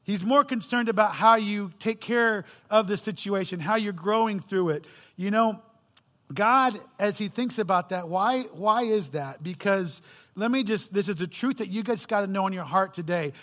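A middle-aged man preaches a sermon in a high-pitched voice. He tells stories with self-deprecating humor before turning to scripture. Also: normal speed, a bit bright. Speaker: pastor.

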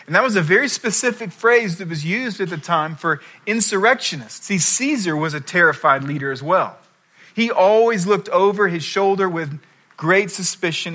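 Male pastor, middle-aged, bright forceful tone, slightly high voice, animated sermon delivery. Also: moderate pace. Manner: animated storytelling, acts out quoted voices.

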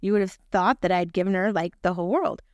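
Smooth-voiced woman teaching scripture. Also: on the low side, fast talker, dry recording, studio quality. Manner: chatty, confiding, self-deprecating. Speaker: gospel lesson podcast host. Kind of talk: scripture lesson with personal storytelling.

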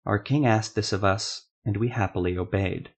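A man's voice: fairly low pitch, normal speed, close to an everyday voice. An actor voicing a dying, wounded male rebel hunter who wheezes weakly as he speaks. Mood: defiant. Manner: weak, wheezing.

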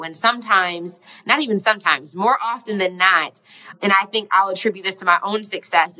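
A woman's voice: on the low side, sharp tone, low-quality recording. A young woman talking earnestly and casually about her own growth, moved almost to tears at times. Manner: earnest, heartfelt, casual with filler "like". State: emotional, near tears. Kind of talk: reflective personal monologue.

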